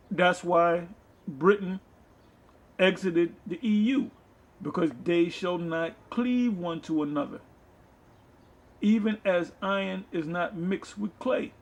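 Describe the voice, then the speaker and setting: Gravelly man preaching on scripture. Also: a little high. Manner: reads verses aloud, then explains them loosely with fillers. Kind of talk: scripture teaching.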